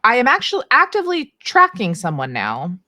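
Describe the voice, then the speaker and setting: A woman's voice: fairly high pitch, huge pitch swings, fairly quick, pushed and bright. A woman playing a tabletop game on a livestream, talking in a hesitant, giggly way full of fillers. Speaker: player.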